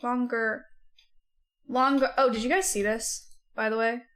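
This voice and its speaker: A woman streamer talks casually with her live chat, reacting aloud as comments come in. Her voice sits a little high. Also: expressive, a little fast.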